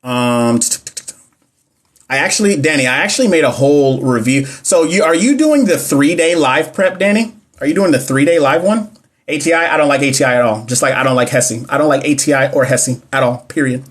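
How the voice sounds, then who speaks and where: Playful young man hosting a livestream. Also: mid-range voice. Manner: playful, slangy, talks back to chat. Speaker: livestream host teaching nursing exam questions. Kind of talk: casual livestream chat reading viewer comments. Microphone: phone or computer mic on a live stream.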